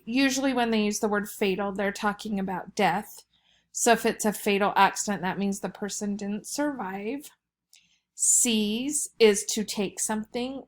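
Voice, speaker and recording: A woman teacher giving a recorded vocabulary lesson for children, explaining slowly and patiently. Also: medium pitch.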